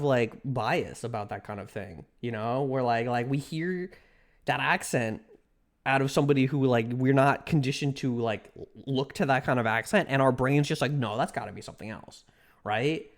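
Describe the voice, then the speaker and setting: A livestreamer chatting casually with viewers, rambling with many restarts and filler words. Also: mid-range voice.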